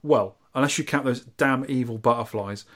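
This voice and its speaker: A man co-hosts a casual podcast. His pitch sits in an ordinary middle range. He reads out listener scores with a playful, teasing manner. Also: moderate pace, a bit bright. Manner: jokey, banter-filled. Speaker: podcast co-host.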